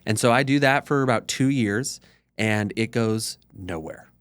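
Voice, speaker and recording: Low-voiced man telling his story candidly. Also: a little slow, fairly bright tone, clear, resonant tone, dry recording. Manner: candid, conversational, peppered with "like". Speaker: podcast guest. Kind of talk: casual storytelling interview.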